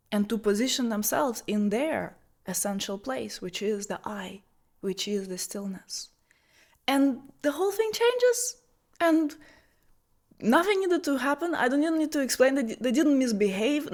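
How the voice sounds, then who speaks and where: Expressive woman on a video call. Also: a little high. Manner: expressive, swings between soft breathy asides and bright emphatic bursts. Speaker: spiritual teacher. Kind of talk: personal storytelling talk on feminine energy.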